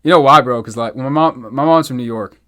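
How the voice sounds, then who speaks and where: A man's voice: medium pitch, brisk, bright, forceful tone. Slangy young man rambling casually. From Natick, Massachusetts, US. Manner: loose, slangy, rambling with many "like"s. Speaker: podcast guest, rapper. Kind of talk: casual chat.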